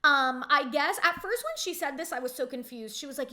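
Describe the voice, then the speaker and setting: A woman's voice: high voice, animated, brisk, hardly any pauses, bright, forceful tone. A woman in her twenties giving a casual, opinionated recap of a reality TV episode, filling her talk with "like". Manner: chatty and opinionated, heavy use of "like".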